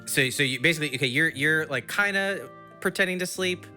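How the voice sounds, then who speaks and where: A man playing in a tabletop game, stammering and animated. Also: a little high, a little fast, soft background music. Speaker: player. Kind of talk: casual tabletop play.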